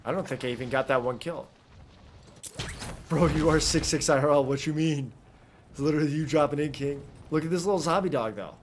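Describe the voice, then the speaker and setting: A man's voice: on the high side, a little fast, noisy background. A man streaming a video game, rambling casually to his chat while he plays. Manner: rambling, chatty, talks to chat while playing. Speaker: gaming streamer. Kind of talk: casual live gameplay commentary.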